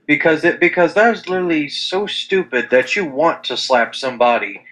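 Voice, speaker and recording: A man's voice: on the high side, normal speed, fairly bright tone, poor audio. A young man in casual chat, telling rambling stories with lots of restarts and crude language. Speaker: podcast co-host.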